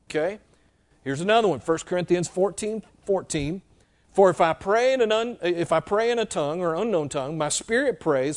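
A man's voice: sits high, darkish tone. Man teaching a conversational sermon. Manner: conversational, checks in with listeners often. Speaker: pastor.

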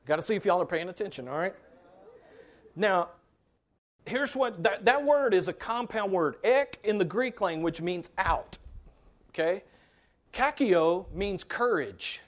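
A man's voice: high voice, lively intonation, a little slow, pauses often. A man preaching a sermon to his congregation in a conversational way, repeating key phrases and acting out everyday voices. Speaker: pastor. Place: church sanctuary with a congregation.

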